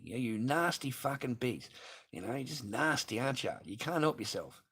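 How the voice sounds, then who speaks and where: A man's voice: medium pitch, animated, a little fast, fairly bright tone, husky. A middle-aged man chatting casually on a livestream while making masks, ranting and swearing with bursts of laughter. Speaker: livestreaming mask artist.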